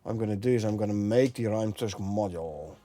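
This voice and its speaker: A man's voice: fairly low pitch, fast, dark tone. A man from the Netherlands with a Dutch accent, streaming a game and chatting with viewers, thinking aloud and laughing often. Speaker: gameplay streamer. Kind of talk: casual live-stream commentary.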